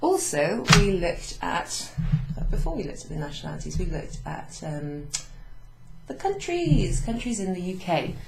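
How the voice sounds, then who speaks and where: A woman's voice: lowish voice, big pitch swings, measured pace, vocal fry, echoey room, heavy background noise. A woman teaching beginners French, explaining patiently step by step and sounding out French words. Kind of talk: recorded lesson recap.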